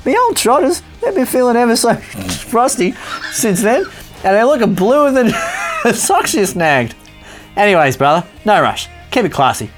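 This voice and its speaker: Host hamming up a brash Australian larrikin, pitched high, lively, singsong sign-offs, faint music bed. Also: unhurried. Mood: cheeky. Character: cheeky ocker Australian bloke leaving crude comments.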